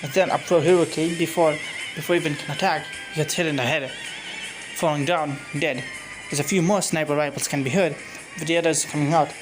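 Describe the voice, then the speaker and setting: A man's voice: on the high side, steady tone, fairly quick, rough recording. A man casually reading aloud his own fan-made story, rambling with frequent restarts and self-corrections. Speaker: fan fiction narrator. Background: music.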